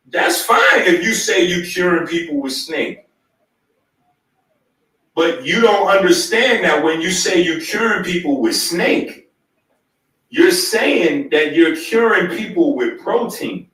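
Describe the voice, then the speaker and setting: A high-voiced man holds the floor, insisting on being heard and spelling out his points slowly and deliberately. The sound is roomy and echoey, picked up from some distance off the mic. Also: lively intonation, a bit bright. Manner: insistent, keeps cutting in to demand to be heard; slow, deliberate lecturing. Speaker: host. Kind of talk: heated argument, then lecturing.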